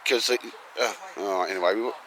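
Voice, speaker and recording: A man's voice: lowish voice, a little fast, crowd noise, low-quality recording. A man vlogging outdoors in woodland, rambling and joking and laughing often as he talks. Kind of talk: casual walk-and-talk vlog.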